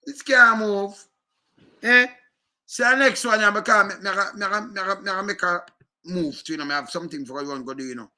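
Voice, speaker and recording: A man's voice: sits high, normal speed, pushed and bright. Jamaican guy middle-aged going off in a long rant, tense hard-edged voice, keeps repeating himself. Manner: rambling, emphatic, repeats himself. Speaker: former police officer. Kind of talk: ranting monologue.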